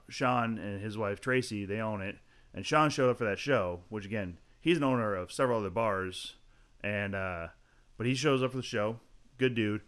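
A man's voice: lowish voice, clear, resonant tone. A man, a guest comedian, telling a story in a casual podcast chat, swearing freely and acting out the people in it with shifting voices. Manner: animated, acts out quotes in shifting voices.

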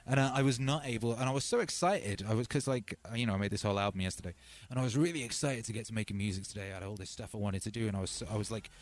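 A man's voice: lowish voice, very fast, few pauses. A man hosting a live music stream, rambling in casual chat and calling out to viewers as brothers and sisters.

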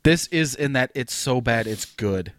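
A man co-hosting a casual podcast chat, animated and swearing freely as he tells a story. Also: mid-range voice, a little slow, no room sound. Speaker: podcast co-host.

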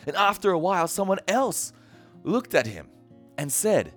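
A man's voice: high-pitched, big pitch swings, moderate pace, faint music behind. A man preaching a casual sermon, retelling a story and acting out the characters' lines in a conversational way. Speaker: pastor.

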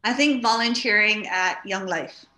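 Her voice sits in the mid range and she speaks a little slowly. This middle-aged Hawaiian woman is a talk show guest, spinning casual stories with lots of animation and playing out other people's quoted lines, all in a studio with noticeable room echo.

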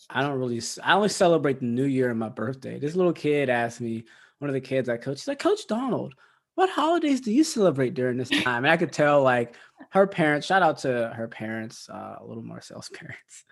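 Dude co-hosting a podcast, mid-pitched voice, tells stories, laughs a lot. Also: male voice, fairly bright tone. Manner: storytelling, laughs often, acts out quotes. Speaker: podcast co-host and coach. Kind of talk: casual chat.

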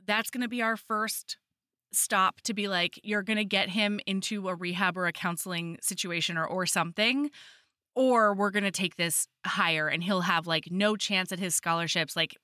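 In a dry recording with clean studio sound, a woman co-host chats casually about a romance novel on her podcast. She speaks at medium pitch and a moderate pace, animatedly retelling the story and acting out the characters' quoted lines.

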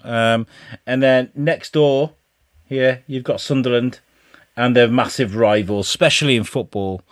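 A man's voice: mid-range voice, fairly even intonation, measured pace, dry recording, clean studio sound. A man from the UK co-hosting a casual podcast chat, joking, rambling and swearing freely. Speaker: co-host.

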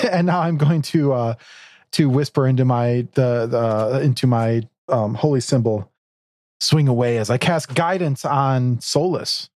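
A man playing a tabletop game, easygoing and quick to chuckle. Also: medium pitch, darkish tone, no room sound, clean studio sound. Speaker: player. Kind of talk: casual tabletop game play.

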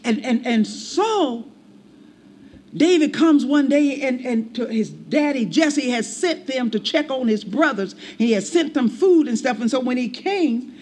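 A man preaching a sermon in a folksy storytelling manner, animated and shouting at times, with laughing asides. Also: very high-pitched, a little slow.

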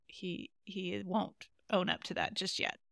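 A woman's voice: lowish voice, fairly even intonation, measured pace, vocal fry, a bit bright, no room sound, studio quality. A woman co-hosting a podcast, recapping an episode in casual chat and giggling often. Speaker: podcast co-host.

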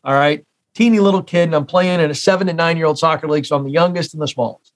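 A man in his forties from the United States talks as an interview guest, emphatic and fond of repeating his key phrases. His voice sits a bit higher than most men's. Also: quick pace. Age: 40s. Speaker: guest, career expert. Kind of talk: interview storytelling.

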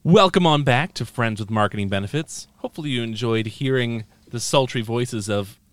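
A man's voice: medium pitch, normal speed, no room sound. A man hosting a podcast, reading plugs and steering the chat back to topic. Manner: easygoing, reads plugs then steers the talk back. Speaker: podcast host. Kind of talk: casual chat and show announcements.

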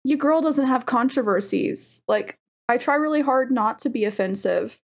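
Young woman, podcast co-host, casual chat, high voice, giggly, animated. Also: normal speed. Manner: animated, giggly, sudden squeals.

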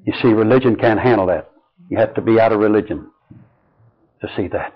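Slow and earnest, an elderly man preaches and tells stories from his own life, sinking to a soft, low voice whenever a line matters most. The recording sounds dull and lo-fi.

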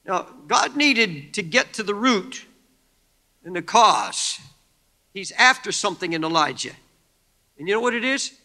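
A man preaching a sermon to a congregation, fervent, moving from quiet talk to shouting. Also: sits high, sing-song, measured pace, pauses often. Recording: long hall reverb.

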